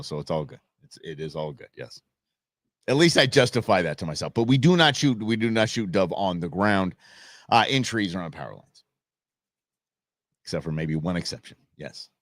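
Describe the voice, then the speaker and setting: Lively, low-voiced man hosting a livestream. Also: no echo, studio quality. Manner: chatty, laughs often, reads chat comments aloud. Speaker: livestream host. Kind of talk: casual live-stream chat.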